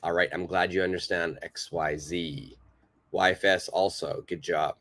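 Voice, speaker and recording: A man's voice: deep voice, steady tone, a little slow, fairly bright tone. A man teaching a live online English lesson, patiently repeating and praising viewers' answers.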